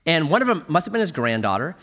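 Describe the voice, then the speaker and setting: A middle-aged male pastor preaching a sermon, telling a humorous story in an animated way. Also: on the high side, fast talker.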